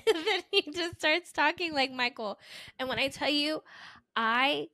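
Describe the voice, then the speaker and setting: A woman's voice: high voice, a little slow, no room sound. A woman co-hosting a podcast in casual chat, telling stories animatedly and acting out the quotes. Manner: animated storytelling, acts out quotes. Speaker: podcast co-host.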